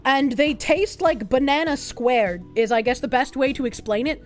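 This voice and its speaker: A young adult woman streaming, chatting casually in a rambling, excitable way and swearing often. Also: sits high, normal speed, soft background music. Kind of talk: casual chat.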